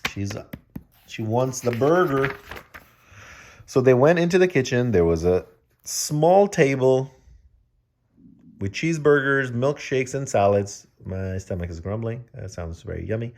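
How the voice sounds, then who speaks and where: A man's voice: mid-range voice, expressive, measured pace, long pauses, darkish tone. A man reading a children's picture book aloud, breaking off for joking asides to the kids listening. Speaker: children's story reader.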